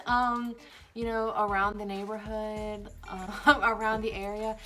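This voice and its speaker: A woman's voice: measured pace, music in the background. A young woman telling a storytime tale in casual chat, acting out her friends' frantic lines. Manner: animated, acts out friends' panicked lines in a high voice. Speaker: vlogger.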